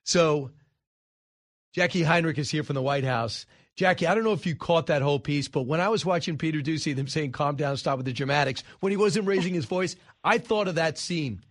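Male radio host, animated storyteller, slightly higher voice. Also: fairly quick. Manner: animated storytelling, rhetorical asides. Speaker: radio talk show host. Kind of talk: talk radio commentary.

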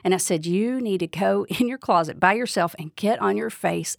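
A woman's voice: mid-range voice, moderate pace, vocal fry, dry recording, clean studio sound. Earnest woman giving a devotional talk. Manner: earnest, direct questions to the listener. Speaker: Bible teacher. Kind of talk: devotional teaching.

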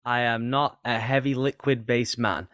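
A man's voice: medium pitch, steady tone, moderate pace, fairly bright tone, no room sound. A man co-hosting a football podcast, talking in a dry, wordy, mock-serious way. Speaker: podcast co-host. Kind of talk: casual podcast banter.

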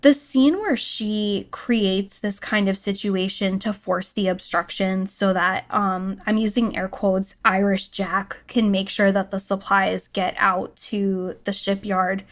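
A woman's voice: medium pitch, steady tone, slow pace, few pauses. A woman co-hosting a casual book-discussion podcast, musing wryly with many asides. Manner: musing, wry, lots of "like" and "right?". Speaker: podcast co-host.

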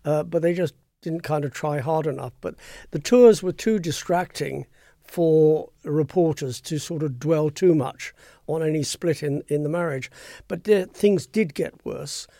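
An older man, a former royal press spokesman, telling anecdotes briskly and acting out the voices he quotes. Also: fairly high pitch, vocal fry, warm tone, no echo, studio quality. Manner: brisk raconteur who acts out quoted voices. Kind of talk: anecdotal interview storytelling.

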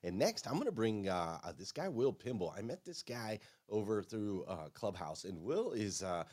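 A man's voice: lowish voice, sing-song, normal speed, a little mellow. A man hosting a morning show, enthusiastic and hyping up his guests in casual chat. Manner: enthusiastic, hype, says "man" a lot. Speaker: show host.

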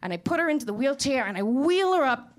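A woman's voice: high voice, very animated, quick pace. A middle-aged woman from Queens with a New York accent, telling a candid, profane story on stage, full of restarts. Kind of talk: live storytelling monologue.

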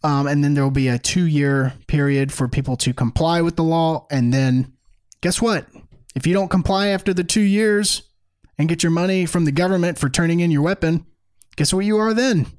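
A man with a fairly high voice delivers opinionated commentary as a host. He sounds sarcastic and mocking and keeps an emphatic, animated push behind his points. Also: normal speed.

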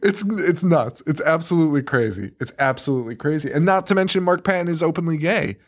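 A man's voice: a little high, fast talker. A young man co-hosting a casual horror film podcast, rambling and swearing, often laughing. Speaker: podcast co-host. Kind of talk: casual chat about horror films.

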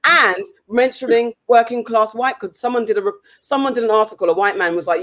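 A woman's voice: on the high side, a little fast, hardly any pauses, fairly bright tone. A woman co-hosting a heated casual discussion, impassioned, often restarting and apologizing as she recalls her points. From United Kingdom. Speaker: podcast co-host.

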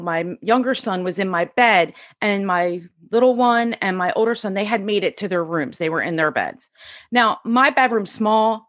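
A middle-aged East Coast American woman guests on a podcast, telling a personal story with sassy, high-strung energy. She acts out quoted lines with big jumps in pitch. The audio is studio quality with no room sound.

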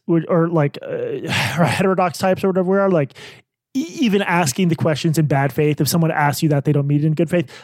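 A man's voice: on the high side, a little mellow, no room sound, clean studio sound. A man co-hosting a podcast in casual chat, rambling and sarcastic, often cutting himself off mid-sentence. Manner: rambling, self-interrupting and sarcastic. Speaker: podcast co-host.

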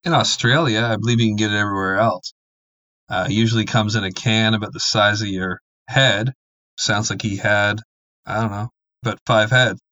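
Male co-host, measured and deadpan, low voice, dull dry recording. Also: no room sound. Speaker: podcast co-host. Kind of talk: casual chat.

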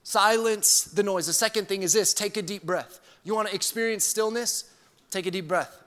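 Earnest preacher in a reverberant hall. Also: male voice, high voice. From Georgia, US. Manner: earnest, swings from loud emphasis to soft, slow near-whispers. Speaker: pastor. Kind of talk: sermon.

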